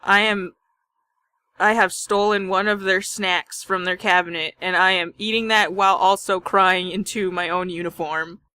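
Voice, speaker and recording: A woman's voice: fairly low pitch, steady tone, moderate pace, sharp tone, clear, resonant tone. A young woman reading a visual novel aloud as a game streamer, with dramatic, jokey and panicky reactions.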